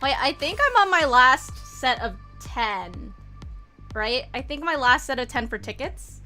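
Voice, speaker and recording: Excitable high-voiced woman streamer. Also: measured pace, soft background music. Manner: excitable, pleading, self-mocking, repeats herself. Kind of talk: casual live-stream chat during game pulls.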